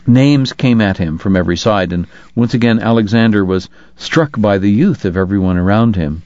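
A man reading an audiobook in a measured, even way. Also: fairly low pitch, no echo. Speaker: narrator. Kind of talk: audiobook narration. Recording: dull lo-fi dry recording.

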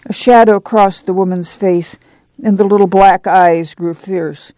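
A man reading a novel aloud as an audiobook narrator, measured and unhurried. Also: high voice, lively intonation, darkish tone, no echo. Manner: slow, measured storytelling.

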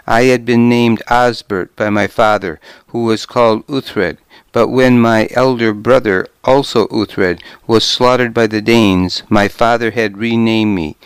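Slow, smooth-voiced male audiobook narrator. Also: fairly low pitch, no echo. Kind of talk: first-person scripted narration.

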